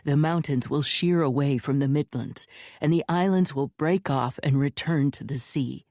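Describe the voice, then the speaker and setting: A woman's voice: sits low, normal speed, dry recording, clean studio sound. A woman voicing an anguished stern older man. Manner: pleading, forceful.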